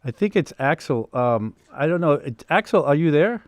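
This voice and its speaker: A very animated man with a fairly high voice hosts a live music production Q&A over video call, talking at a moderate pace. His delivery rambles with fillers and restarts, and he's quick to laugh. The audio is dry and studio quality.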